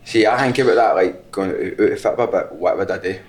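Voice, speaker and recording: A man in his twenties with a Scottish accent, a footballer chatting as a guest, relaxed and brief in his replies. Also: deep voice, fast. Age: 20s. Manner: laid-back, short replies. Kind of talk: casual chat. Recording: roomy studio with background noise.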